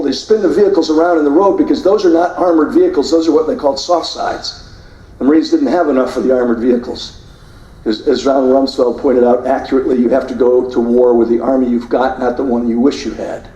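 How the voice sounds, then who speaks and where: An older man giving a forceful speech, narrating combat footage and mimicking the people he quotes. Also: medium pitch. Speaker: guest speaker. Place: hotel banquet hall. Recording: echoey hall, voice from far off.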